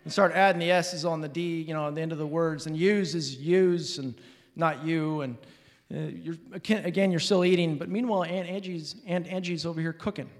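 A man's voice: on the high side, fairly even intonation, a little fast. A man from Alaska telling a personal story on stage, animatedly acting out relatives' lines. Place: hall before an audience. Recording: reverberant hall.

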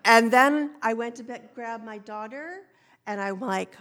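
An older woman from Maine telling a personal story live on stage, in an animated, conversational way, and acting out the voices she quotes. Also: fairly high pitch, a little slow. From Maine, USA. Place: stage before an audience.

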